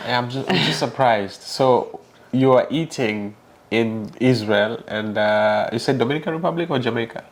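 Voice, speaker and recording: A man's voice: mid-range voice, normal speed. Chatty male interview host. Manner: chatty, laughs often, many restarts. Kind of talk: casual interview chat.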